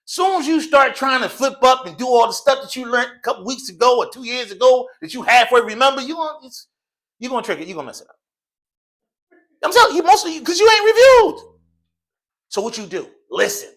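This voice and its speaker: A man's voice: very high-pitched, very animated, brisk, fairly bright tone. A man teaching an Arabic class in a mosque classroom, drilling students in call and response, joking and laughing often in slangy casual speech.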